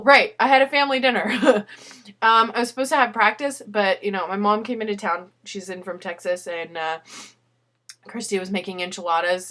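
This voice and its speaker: A woman's voice: medium pitch, a bit bright. A young woman chatting casually in a personal video letter, telling a story and breaking into frequent giggles. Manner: giggly storytelling, laughs often.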